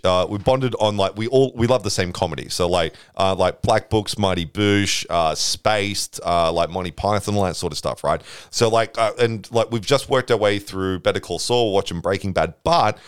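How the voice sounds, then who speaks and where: Rambling young man, casual banter. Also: lowish voice. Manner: rambling, many fillers and restarts. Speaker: comedy podcast co-host. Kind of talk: casual comedy chat.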